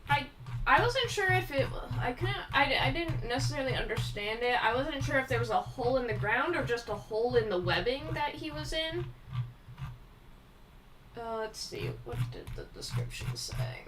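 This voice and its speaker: A woman running a tabletop game as game master, explaining scenes slowly and checking her notes aloud. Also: high voice, sing-song, recorded from a distance, over music, low-quality recording.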